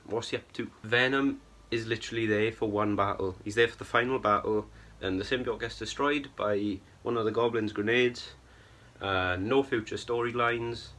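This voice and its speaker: A young man with a somewhat low voice vents his opinions in a casual film review vlog. He rambles, circles back on himself and keeps checking in with "right?" and "bro", sounding plainly exasperated. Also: steady tone, normal speed, a bit bright.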